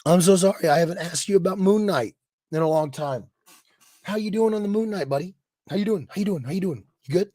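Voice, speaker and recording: Hoarse-voiced man chatting on his stream. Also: high voice, fairly quick, no echo. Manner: warm and effusive, reading chat aloud; rambling restarts and trailing into quiet mutters. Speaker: streamer host. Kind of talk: casual live stream chat.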